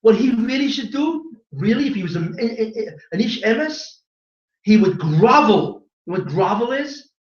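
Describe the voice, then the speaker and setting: A man with a high voice delivers a fiery religious lecture, pressing rhetorical questions on his listeners. He sounds set back from a dull-sounding microphone. His words ring out through an echoey hall. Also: lively intonation, normal speed, distant mic. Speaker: rabbi giving a lecture.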